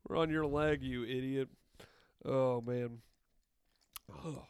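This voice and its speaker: A man's voice: mid-range voice, fairly even intonation, slow pace, vocal fry, clean tone, no room sound, clean studio sound. A man co-hosting a casual comedy podcast, crude and jokey, acting out silly voices for bits. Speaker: podcast co-host.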